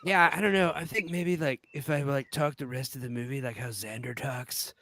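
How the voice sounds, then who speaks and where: A man's voice: medium pitch, fairly even intonation, normal speed, fairly bright tone. A man chatting about a movie with friends, rambling on and laughing often. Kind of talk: casual movie-watch chat.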